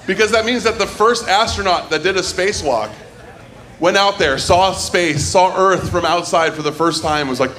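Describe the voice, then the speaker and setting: A man's voice: sits high, normal speed, a bit bright. A man hosting a comedy open mic, telling loose, joking stand-up bits on a club stage. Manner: loose, joking, does silly voices for bits. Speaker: comedy show host.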